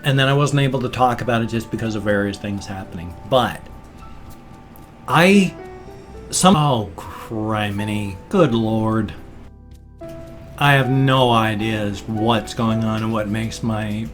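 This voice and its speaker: A middle-aged man chatting casually in a daily home vlog, rambling and playful with deadpan jokes, recorded on a webcam. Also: lowish voice, measured pace, faint music behind. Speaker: daily vlogger. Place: at home, indoors.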